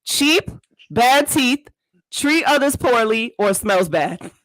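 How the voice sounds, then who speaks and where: A woman hosts a casual podcast interview, her voice bright and forceful. She talks in loose slang and laughs often between questions. The sound is dry and close. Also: on the high side, animated, slow pace, no echo, poor audio. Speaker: podcast host.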